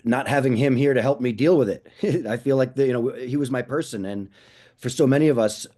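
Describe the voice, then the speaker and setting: A man's voice: medium pitch, fairly quick, dark tone. A man answering a panel question on a video call, speaking in an earnest, reflective way. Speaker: panelist and podcaster. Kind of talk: casual spoken answer.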